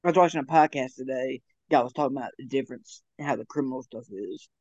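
A young man co-hosting a casual chat, rambling with halting restarts and frequent laughs. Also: mid-range voice, a little mellow, no room sound, muffled recording.

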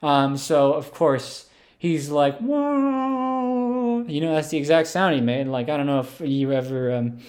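A man's voice: medium pitch, steady tone, normal speed, darkish tone. A man telling an absurd comedic story in a rambling, filler-heavy way.

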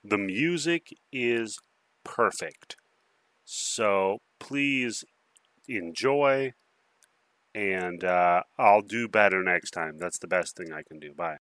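A young man hosting a horror movie podcast, talking in a relaxed, joking way and swearing casually. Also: lowish voice, slow pace, no room sound. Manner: laid-back, jokey, swears casually. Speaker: podcast host.

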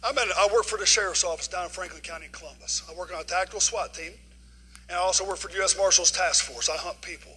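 A middle-aged man preaching a sermon in a folksy storytelling way, using casual dialect grammar and swinging from loud passages to hushed ones. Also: sits high, quick pace, slightly rough, rough recording. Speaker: guest preacher.

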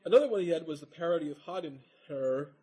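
A man co-hosting a podcast, recounting in a relaxed, rambling casual chat. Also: on the high side, fast, slightly rough, rough recording. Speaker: podcast co-host.

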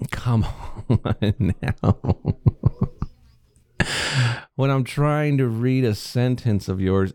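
A man's voice: on the low side, a little mellow, no room sound. A man co-hosting a casual podcast, ranting and swearing freely with frequent laughter. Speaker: podcast co-host. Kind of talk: casual profane chat.

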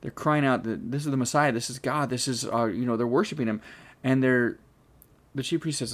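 A man leads a Bible study in an easygoing, conversational manner. His voice sits at an ordinary mid pitch. He reads verses aloud, then thinks them through out loud, often stopping to restart a thought. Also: fairly quick. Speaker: Bible teacher. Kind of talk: casual Bible study teaching.

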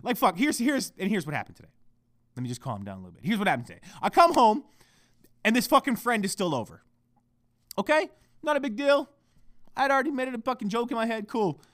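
A young man hosting a podcast, swearing heavily as he rants, going from shouting to hushed muttering. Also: very high voice, big pitch swings, brisk, long pauses, no room sound, clean studio sound. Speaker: podcast host. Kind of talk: profane solo podcast rant.

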